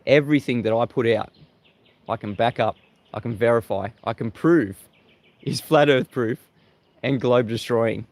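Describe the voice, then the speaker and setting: This is an Australian livestream host talking to viewers, greeting them and mocking his detractors amid frequent laughter. The voice sits at medium pitch, moves at normal speed, and has long pauses.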